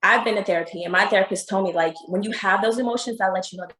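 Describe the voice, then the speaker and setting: A woman's voice: medium pitch, racing, fairly bright tone. A woman with a mid-range voice speaks earnestly and encouragingly as a podcast guest, often adding "you know." Her voice carries a noticeable room echo. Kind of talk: casual podcast chat. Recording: roomy echo.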